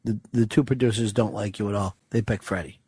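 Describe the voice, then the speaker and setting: A man's voice: lowish voice, fairly even intonation, a little fast, a little mellow, husky, no echo. A man hosting a radio show, teasing and needling his co-host in casual studio banter.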